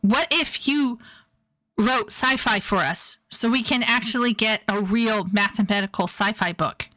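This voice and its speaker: A woman's voice: fairly high pitch, measured pace, sharp tone, dry recording, low-quality recording. A woman streaming and reacting to videos, chatting casually, playful and emotional with lots of repeated phrases.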